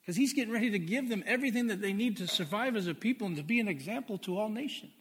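A man preaching a sermon in a conversational way, reading scripture slowly and with emphasis. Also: sits high, lively intonation, fairly bright tone, slight background noise. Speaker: pastor.

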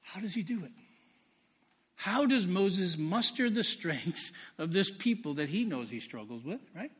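A man preaching a sermon in a conversational way, reading scripture slowly and with emphasis. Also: high voice, lively intonation, breathy edge. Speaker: pastor.

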